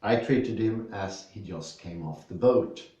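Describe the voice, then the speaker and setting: A Swedish-accented man talks through a philosophy text at a slow, unhurried pace, his voice low and mellow. He sits back from the microphone in a very echoey room, so every word rings around him. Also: recorded from a distance. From Sweden. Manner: slow, thoughtful, reads passages aloud then explains with personal stories. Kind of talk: reading and discussing philosophy.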